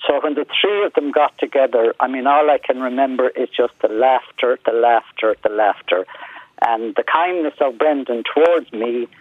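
A male caller on a radio phone-in, recalling memories in a halting way and repeating words as he searches for them. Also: mid-range voice, dry recording. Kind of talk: reminiscing on a phone-in show. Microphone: telephone. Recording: dry tinny phone line.

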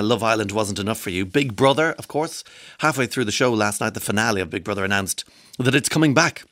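Chatty man, low voice. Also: fairly bright tone, dry recording. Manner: chatty and digressive, with frequent restarts and asides. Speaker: radio presenter reviewing the newspapers. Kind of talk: casual radio chat.

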